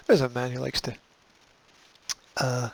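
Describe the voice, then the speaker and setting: Gravelly man with sarcastic news asides. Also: mid-range voice, rough recording. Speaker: host. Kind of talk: reading news and commenting.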